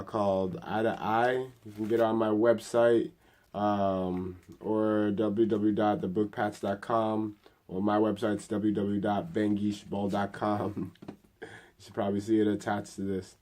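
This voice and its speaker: Male vlogger reading his book aloud, unhurried, with dramatic emphasis. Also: fairly low pitch, flat delivery, darkish tone. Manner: upbeat greeting, then dramatic reading.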